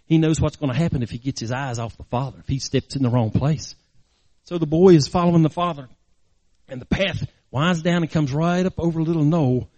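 A man's voice: on the high side, brisk, a little mellow, dry recording. A man preaching, telling a story dramatically with emphatic, repeated phrases. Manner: emphatic, repetitive, dramatic narration. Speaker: pastor. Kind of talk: sermon storytelling.

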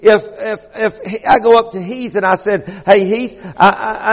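A man's voice: high-pitched, moderate pace, hardly any pauses, long reverb tail. A man preaching a sermon, earnest and often repeating himself as he builds a point. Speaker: pastor.

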